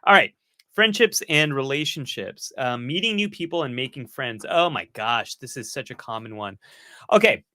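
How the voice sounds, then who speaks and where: A man hosts a live-stream Q&A, answering viewer questions one after another. His voice is bright and forceful, sits in a middle pitch, and is recorded dry with no room echo. He sounds earnest and encouraging, with self-mocking asides. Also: animated, moderate pace. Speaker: psychologist hosting a live-stream Q&A.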